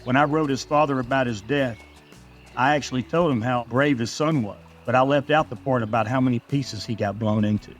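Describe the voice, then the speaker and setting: Male narrator as a somber, guilt-worn officer in an audio story; low, restrained read. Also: brisk, faint music behind, close to an everyday voice.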